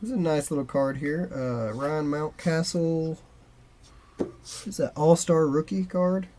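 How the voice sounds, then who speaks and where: A man's voice: on the high side, unhurried, warm tone, slight background noise. A man co-hosting a card-opening show, chatting casually and reading player names aloud as he pulls cards. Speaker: co-host opening baseball cards.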